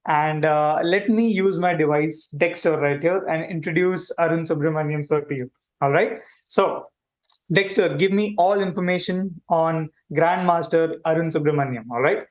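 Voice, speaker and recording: A man with a fairly high voice, speaking at normal speed, lightly acts as a friendly alien visitor hosting a kids' stream. Cheerful and animated, he chats away and speaks directly to viewers in a playful livestream-hosting style.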